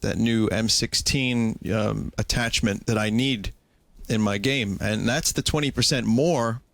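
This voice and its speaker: A man with a fairly low voice hosts a podcast, recorded close and dry. He riffs in a dry, ironic, mock-serious tone. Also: measured pace, creaky, a bit bright, no room sound. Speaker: streamer and podcast host. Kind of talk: sarcastic comedic chat.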